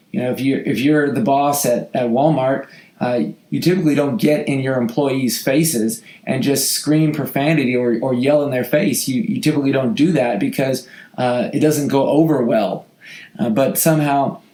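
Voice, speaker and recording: Male coach-host, voice a bit worn and hoarse, earnest podcast delivery, roomy sound. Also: mid-range voice, darkish tone. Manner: earnest, heartfelt, with frequent restarts and filler. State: voice slightly hoarse. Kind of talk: casual podcast talk answering listener questions. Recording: roomy echo.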